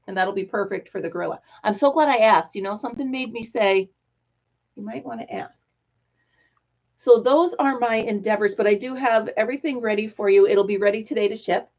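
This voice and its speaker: A middle-aged woman hosting a casual live stream, talking excitedly and telling stories with quoted voices. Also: mid-range voice. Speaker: livestream host. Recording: dull lo-fi live-stream audio.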